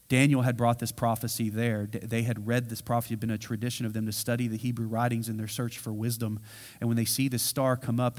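Male pastor, mid-pitched, animated sermon storyteller, long hall echo. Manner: animated storytelling, acts out quoted lines. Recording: reverberant hall sound.

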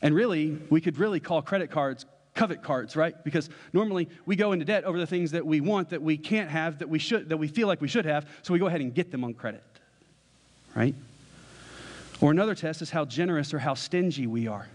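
A man's voice: fairly high pitch, fairly quick, darkish tone, big-room sound. A pastor giving a conversational sermon, asking his listeners questions and joking with them. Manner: conversational, asks the congregation questions, jokes.

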